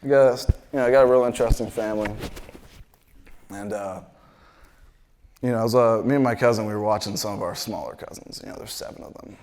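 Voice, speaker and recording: A man's voice: fairly low pitch, fast talker, pauses often, darkish tone. A man in his twenties doing a stand-up comedy set at a live show, talking in a loose, rambling way with lots of filler words and acting out the voices of people in his stories. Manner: acts out quoted voices.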